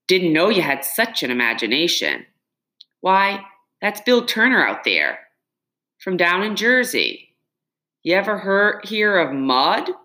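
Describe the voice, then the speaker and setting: A woman voicing a calm, folksy farmer father who talks in an easygoing way. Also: on the low side, unhurried, voice pushed up, heavily acted. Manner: easygoing, folksy talk with stumbles. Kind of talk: audiobook character reading.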